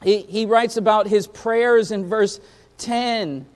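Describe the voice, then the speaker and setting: Animated high-voiced man preaching a sermon. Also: takes it slowly, big-room sound. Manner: animated, conversational preaching with slang and asides. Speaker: pastor.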